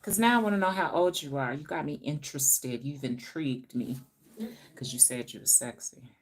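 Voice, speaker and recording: A woman's voice: sits low, normal speed, breathy edge. A middle-aged woman hairstylist hosting a casual livestream from her salon, chatting to viewers by name while she works. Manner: chatty, talks to viewers by name, sings little bits.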